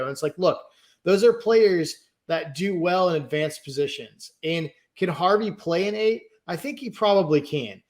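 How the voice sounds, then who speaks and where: Ranting podcast co-host, a man with a slightly high voice, worked up and cursing. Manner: frustrated, ranting, swears. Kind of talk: heated casual podcast chat.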